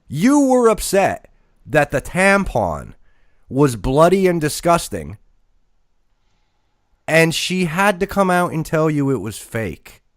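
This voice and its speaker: A man's voice: on the high side, wildly swooping pitch, takes it slowly, pauses often, dry recording, studio quality. A man co-hosting a wrestling podcast, ranting mockingly and calling out a critic by name. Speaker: podcast co-host. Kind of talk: casual podcast rant.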